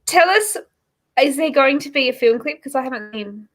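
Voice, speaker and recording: A woman's voice: high-pitched, animated, normal speed. A woman hosting a show, asking questions in an enthusiastic, encouraging way. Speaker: radio show host. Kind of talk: casual interview chat.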